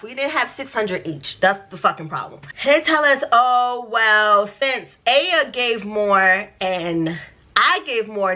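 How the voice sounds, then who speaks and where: A young woman telling a storytime vlog, animated and profane, acting out what people said in slang. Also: fairly high pitch. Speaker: vlogger.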